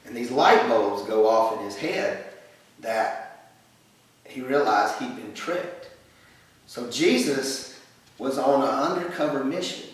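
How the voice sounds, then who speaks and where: A man teaching a Bible lesson as a vivid story, with fillers and acted-out quotes. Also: mid-range voice. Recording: echoey room, voice from a distance.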